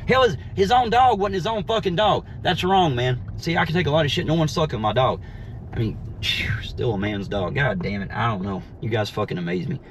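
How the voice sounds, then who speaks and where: A man vents in a rough, profane rant from behind the wheel, his voice sitting at an ordinary pitch for a man. Faint road hum from the car runs under his words, and his mocking tone never lets up. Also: a little fast. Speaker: vlogger. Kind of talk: ranting while driving. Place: inside a car. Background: faint vehicle noise.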